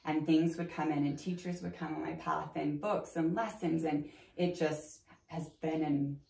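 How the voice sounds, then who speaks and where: Woman guest, chatty and informal, lower voice with fry, recorded a bit far off in an echoey room. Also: fairly even intonation, moderate pace, mellow. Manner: chatty, many "like" fillers, acts out her own past thoughts. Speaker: guest, Reiki practitioner. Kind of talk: casual conversational interview. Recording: roomy, slightly distant mic.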